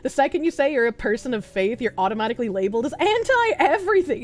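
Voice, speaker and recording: A woman streamer chatting casually and crudely, sarcastic and quick to laugh. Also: a little high, sing-song. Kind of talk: casual livestream chat.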